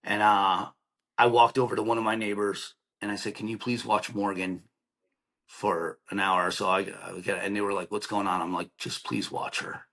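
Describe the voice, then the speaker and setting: A man in his thirties, a podcast guest, telling a painful personal story in a halting, emotional way with many restarts. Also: fairly low pitch, flat delivery, creaky, a bit bright, low-quality recording.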